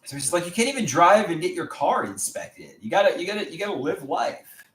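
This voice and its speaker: A man's voice: high voice, big pitch swings, fairly quick, fairly bright tone, a little hiss or hum. Rambling man streaming in an echoey room. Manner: reads chat comments aloud and answers them, repeating himself. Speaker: livestreamer reading viewer comments. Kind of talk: rambling live stream talk.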